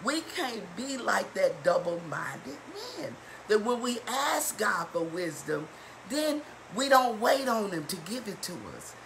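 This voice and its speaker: During a Bible study streamed live from a church or home, a woman preaches fervently, calling out to the congregation in a call-and-response style with exhortations that rise to shouts. Her mid-range voice is creaky, lively in intonation and unhurried. The low-quality recording carries a little hiss or hum.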